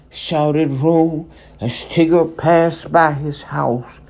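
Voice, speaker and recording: A reader slowly reading a children's story aloud, halting now and then with small slips. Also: medium pitch, little pitch movement, a little mellow.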